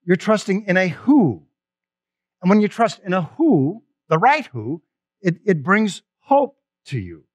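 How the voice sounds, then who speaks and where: A man delivers a sermon as a pastor, telling personal stories in a conversational, emphatic way that stumbles and restarts as he goes. His voice sits high for a man. The sound is dry and close, with almost no room around it. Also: very animated, a little slow, no echo. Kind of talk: Easter sermon.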